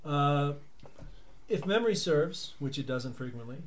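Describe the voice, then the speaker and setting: A man's voice: a little high, lively intonation, unhurried. A man playing a tabletop game, talking in a theatrical, rambling way. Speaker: player. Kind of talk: casual tabletop game banter.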